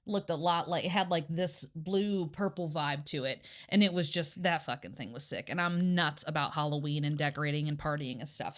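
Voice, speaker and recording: A young woman co-hosting a casual podcast, telling stories in a profane, animated way with sarcastic asides. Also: low voice. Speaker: podcast co-host. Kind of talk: casual true-crime podcast chat.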